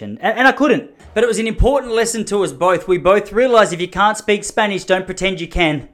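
A man's voice: high voice, animated, brisk, hardly any pauses. An Australian man from Melbourne giving a rambling, self-mocking comedic monologue, blunt and sprinkled with swearing.

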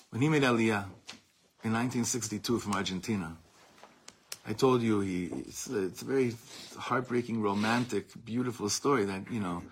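Man with a husky voice teaching a religious class, passionate, repeats points for emphasis. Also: on the low side, fairly bright tone. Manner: reads Hebrew source, then explains it in English; impassioned, repeats words for emphasis. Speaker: Torah teacher.

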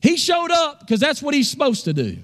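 A man's voice: very high voice, wildly swooping pitch, moderate pace, fairly bright tone, in a large hall. A male pastor preaching a sermon in a church, emphatic and asking the congregation questions. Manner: emphatic, call-and-response questions.

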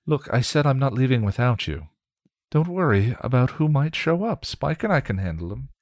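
Young witch woman, kind and resolute, high voice, a man reading the part. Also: sing-song, moderate pace, no room sound, clean studio sound, close to an everyday voice. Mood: determined. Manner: soothing, determined.

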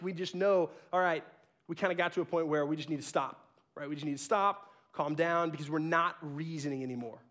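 A man preaching a sermon in a casual, animated way, often asking "right?" to keep listeners with him. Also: high voice. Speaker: pastor.

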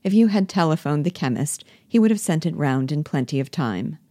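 A woman reading the part of a prim, complacent schoolmaster who speaks gently and formally. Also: sits low, lively intonation, brisk, no room sound. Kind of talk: play reading.

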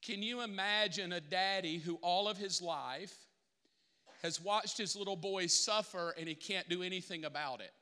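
Middle-aged male preacher, high clear voice, raw confessional intensity, church sanctuary echo. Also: moderate pace, sharp tone. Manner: emotional, confessional preaching that builds to impassioned peaks. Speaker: pastor. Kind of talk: sermon.

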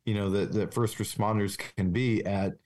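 A police officer speaking as a guest in a candid interview, earnest and confessional, with many restarts and fillers. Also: male voice, on the low side, steady tone, moderate pace, darkish tone.

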